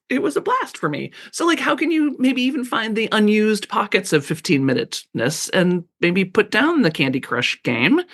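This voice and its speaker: A middle-aged woman guest on a radio interview, chatting casually and animatedly, often laughing and acting out little quoted voices. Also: mid-range voice. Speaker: author guest.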